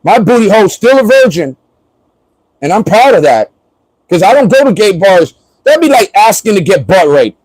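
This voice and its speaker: A man's voice: sits high, big pitch swings, fairly quick, a little mellow, no echo, low-quality recording. A man from Florida chatting casually on a livestream, joking and rambling and laughing often.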